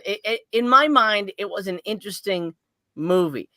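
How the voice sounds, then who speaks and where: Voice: medium pitch, normal speed, sharp tone, no room sound. A podcast host chatting casually in a movie review, rambling and swearing freely, laughing often.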